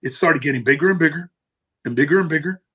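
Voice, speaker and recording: A man, a comedian, telling a profane story in a casual interview, animated and jumping up in pitch for punchlines. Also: quick pace, slightly rough, rough recording. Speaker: guest comedian.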